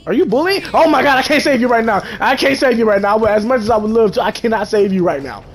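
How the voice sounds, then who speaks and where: A man commentating live on his gameplay, trash-talking in slang and bursting into shouts. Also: extremely high pitch, lively intonation, fast talker.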